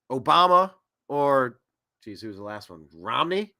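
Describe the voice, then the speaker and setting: A man's voice: fairly high pitch, expressive, normal speed, bright, forceful tone. A man in his thirties hosting a political commentary show, rambling and sarcastic, with mocking asides. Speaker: host.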